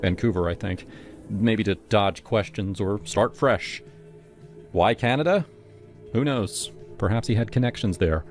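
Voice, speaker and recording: A man giving a brisk, wry scripted first-person narration of a horror story. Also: fairly low pitch. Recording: over loud background music.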